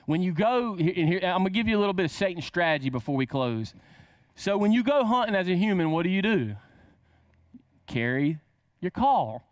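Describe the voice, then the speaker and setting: Animated preacher man. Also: sits high, no room sound. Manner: animated, rhetorical questions, drawn-out emphasis. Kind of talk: casual sermon to camera.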